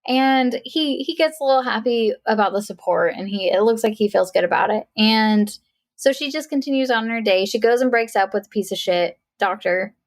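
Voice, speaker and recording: A woman's voice: fairly high pitch, normal speed, no room sound. Chatty woman podcast co-host. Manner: chatty, retelling with acted quotes; profane, frank. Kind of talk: casual chat about a movie.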